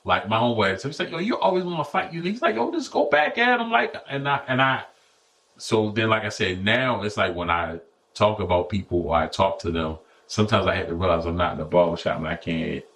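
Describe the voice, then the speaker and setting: A man in his forties with a low-set voice spins a loose, profane story as a podcast guest. He talks casually and keeps slipping into the voices of the people he quotes. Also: brisk. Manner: profane, animated storyteller acting out others' lines.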